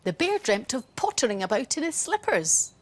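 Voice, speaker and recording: A woman reading a bedtime story for children, gentle, soothing and playful. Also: high voice, big pitch swings, normal speed.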